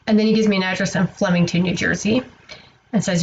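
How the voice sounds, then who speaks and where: A woman's voice: medium pitch, fairly even intonation, quick pace, creaky, darkish tone, lo-fi sound, slight background noise. A woman telling a story to camera in a casual vlog. She sounds tired and exasperated, rambles, and swears freely. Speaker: online seller vlogger.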